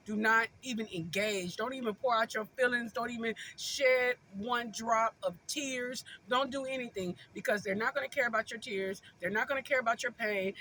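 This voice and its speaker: A woman talking straight to her viewers in a casual advice vlog, with a high, bright voice. She hammers each point home, repeating short phrases over and over. Her tone is informal and conversational throughout. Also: slight background noise. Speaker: vlogger giving relationship advice.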